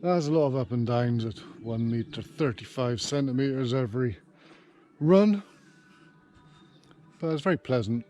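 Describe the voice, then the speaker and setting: A man's voice: medium pitch, expressive, moderate pace, pauses often, mellow, a little hiss or hum. A man working as a groundsman, giving dry, offhand vlog commentary while he mows, muttering to himself and swearing casually. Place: outdoors on a sports ground and in a tractor cab.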